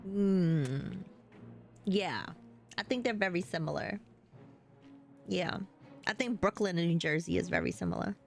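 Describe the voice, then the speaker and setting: A woman's voice: lowish voice, moderate pace, creaky, pauses often, soft background music. A woman with a New York accent, chatting casually with her live-stream viewers and laughing often as she answers them.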